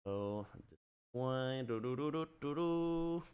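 A man's voice: medium pitch, animated, unhurried, a little mellow, smooth, dull audio. A man co-hosting a stream, chatting casually in a rambling, self-mocking way. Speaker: stream co-host. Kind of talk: casual chat.

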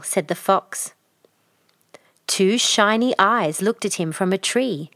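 A woman narrates a children's storybook in a gentle, expressive read-aloud manner. She goes slowly, and her pitch moves a lot. The recording is close and dry. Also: no room sound.

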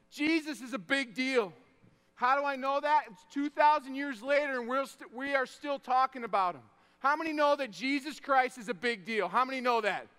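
A man in his thirties with a very high voice preaches an energetic sermon built on stories. He's animated, shouting the punchlines and dropping to soft tones for tender, emotional moments.

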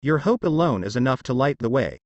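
A man voicing a wise, calm old beast spirit who speaks sagely. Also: medium pitch, brisk, no echo, muffled recording.

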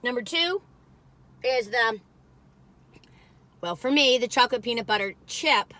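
A woman's voice: on the high side, animated, measured pace, sharp tone. An older woman, rambling in a folksy, exclamatory way while reviewing cookies on her vlog. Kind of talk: casual chatty food review.

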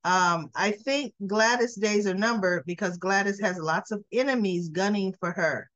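A woman in her sixties giving a chatty, casual recap of a soap episode, talking through the scenes in an animated way. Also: normal speed, no room sound. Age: 60s. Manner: chatty, acting out the characters' lines with lively pitch jumps. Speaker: soap opera recap vlogger. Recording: slightly dull, lo-fi audio.

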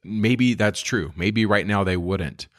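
A man's voice: fairly low pitch, slow, no room sound, studio quality. A man co-hosting a casual scripture discussion, retelling stories earnestly and with enthusiasm. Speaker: podcast co-host.

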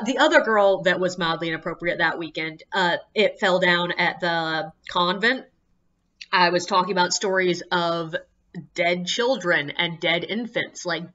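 Woman, tour guide, casual storyteller, sharp bright tone, slightly muffled recording, exasperated and swears. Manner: animated, acts out guests in high squeaky voices.

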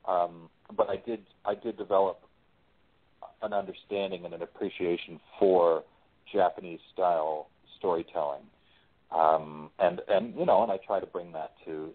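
A man in his forties, a screenwriter and voice actor, chatting casually as an interview guest, relaxed and full of restarts. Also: low-pitched. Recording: tinny phone line.

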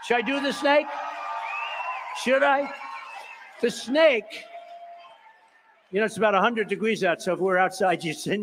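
An older man delivers an emphatic, repetitive rally speech full of conversational asides. His voice sits fairly high for a man. Long reverb from a large venue hangs on each phrase. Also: measured pace, pauses often, fairly bright tone, a little hiss or hum. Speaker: political speaker.

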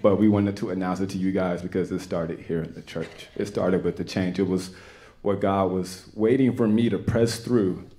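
A young man with a Texan accent giving an earnest, halting personal testimony to a church congregation. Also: sits low, steady tone, dark tone. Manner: earnest, halting, with many restarts. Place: church sanctuary.

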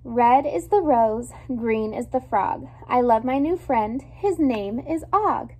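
A woman's voice: on the high side, animated, slow, darkish tone, slightly rough, full character voice. Woman reading as a girl reciting verse. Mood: proud. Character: young schoolgirl reciting a poem.

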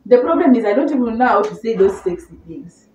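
A woman's voice: a little high, expressive, fairly quick, a little mellow, muffled recording. A young woman from Kenya hosting a casual, playful question-and-answer chat with a friend. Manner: giggly, playful, teasing. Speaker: host. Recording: echoey room, distant mic, faint hiss.

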